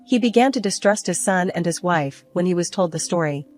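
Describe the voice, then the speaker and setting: An older woman calmly narrating a story in the first person. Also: fairly low pitch, a little fast, faint music behind. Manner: calm, even storytelling. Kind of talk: scripted narration.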